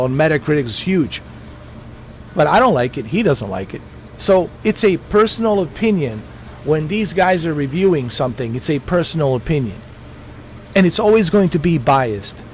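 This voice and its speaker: Man streaming, fairly high voice, rambling opinionated rant, faint noise behind. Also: low-quality recording. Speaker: gaming livestreamer. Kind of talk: casual livestream chat.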